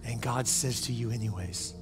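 A man preaching a sermon as pastor, telling a story earnestly and often dropping into soft, hushed passages. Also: on the high side, fairly quick. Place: church sanctuary with several campuses. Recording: long reverb of a large hall with music behind.

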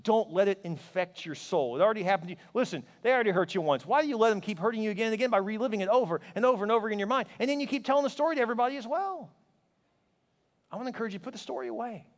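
A man's voice: high-pitched, rapid-fire. A man preaching a sermon as a pastor, emphatic and exhorting, with playful asides. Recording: long reverb of a large hall.

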